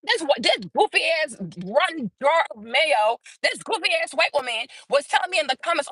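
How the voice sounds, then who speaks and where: Angry woman vlogger, very high pitch, dry close phone sound, profane and repetitive. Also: animated, a little fast, hardly any pauses, pushed and bright, dry recording, rough recording. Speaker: commentary channel host. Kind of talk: ranting commentary vlog. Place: in a car, then at a gym.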